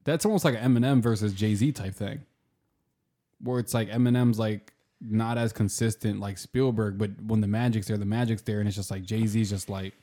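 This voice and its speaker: A man with a low, warm, mellow voice chats loosely on a podcast. He talks in animated, rambling stretches, swearing freely and stringing thoughts together with "like" and "you know.". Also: moderate pace. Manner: animated, profane storyteller who hedges with "like". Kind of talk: casual podcast chat.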